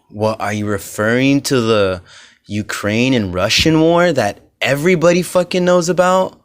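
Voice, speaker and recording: A young solo podcast host talks at normal speed with a clean, mid-range voice. He rambles with heavy fillers and frequent swearing, and his delivery grows heated and loud.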